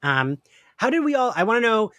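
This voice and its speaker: A podcast co-host with a Philadelphia-area accent, talking in loose, animated chat. He laughs often and drops the odd curse. His voice sounds dry and close to the mic. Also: extremely high pitch, a little fast, dry recording. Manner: chatty, laughs often, swears casually. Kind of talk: casual chat.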